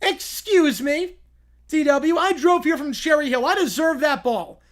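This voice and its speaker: A man's voice: very high-pitched, a little slow, pitched above the performer's own voice. A man voicing an entitled, indignant middle-aged woman who demands a ball.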